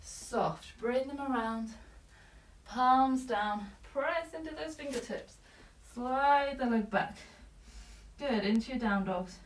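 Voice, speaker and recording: A woman yoga teacher guiding a class with calm, breath-paced cues and short commands, slightly out of breath. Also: a little high, takes it slowly. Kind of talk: guided yoga class instruction. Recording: echoey room, voice from a distance.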